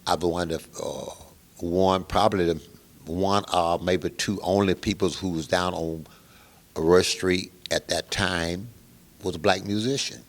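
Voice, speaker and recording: Older male musician guest, very low and gravelly voice, lively storyteller. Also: a little slow. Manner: animated storyteller who acts out the other people's lines. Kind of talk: storytelling interview.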